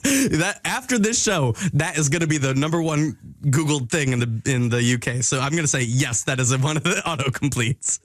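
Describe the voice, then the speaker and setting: A man's voice: on the high side, moderate pace, no echo. A young American man in his twenties hosting a radio show in a studio, playful and giggly. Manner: giggly and playful, animated swings. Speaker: radio host. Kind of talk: lively radio presenting. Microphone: studio microphone.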